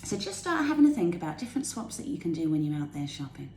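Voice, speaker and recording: A woman's voice: sits low, sing-song, fast, a little mellow, a little hiss or hum. A woman giving bubbly, casual healthy-eating tips to her viewers from her kitchen at home. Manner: enthusiastic, bubbly, laughs while talking. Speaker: fitness tip vlogger. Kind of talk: casual chatty tips to camera. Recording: echoey room with faint ambience.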